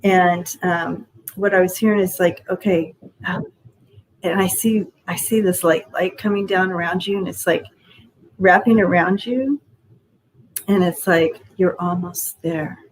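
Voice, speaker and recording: A woman's voice: on the low side, unhurried, slight background noise, rough recording. A woman giving channeled spiritual messages in a casual, rambling way, with restarts and the odd swear word. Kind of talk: casual spiritual reading on a group call.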